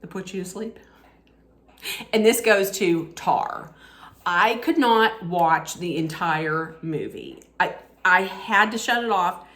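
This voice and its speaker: A woman's voice: on the low side, lively intonation, slow, fairly bright tone. A woman vlogger handing out mock movie awards, talking casually and bluntly, often restarting and laughing. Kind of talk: casual opinionated vlog talk.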